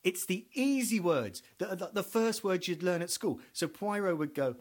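Animated man in a wry comic monologue. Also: high-pitched, moderate pace, hardly any pauses. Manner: wry, digressive, acts out voices. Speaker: comedian.

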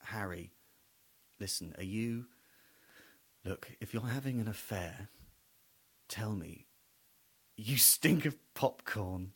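Hushed, tearful, suspicious wife voiced by a man, low and quiet. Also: lively intonation, slow pace, long pauses, husky, exaggerated voice. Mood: accusing. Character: upset suspicious middle-aged wife.

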